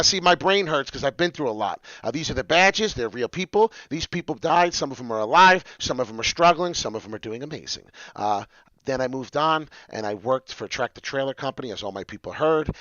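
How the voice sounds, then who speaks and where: Emotional middle-aged guy from jersey rambling on his crypto vlog, yells then mumbles, dull flat recording. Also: mid-range voice, dry recording. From New Jersey, USA. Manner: emotional, rambling, swings between loud outbursts and mumbling. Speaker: crypto video host. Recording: dry, dull lo-fi sound.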